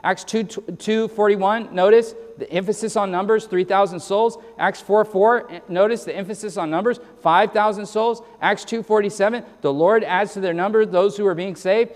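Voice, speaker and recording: Emphatic high-voiced preacher in a reverberant hall. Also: male voice, fairly even intonation. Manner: earnest, emphatic preaching with quick verse citations; repeats words when starting sentences. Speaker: pastor. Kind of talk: sermon.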